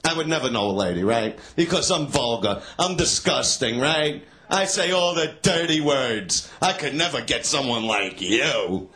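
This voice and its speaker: A male stand-up comedian doing crowd work, taunting and insulting people in the audience with crude jokes, shouting and laughing at times. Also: mid-range voice, lively intonation, measured pace, hardly any pauses.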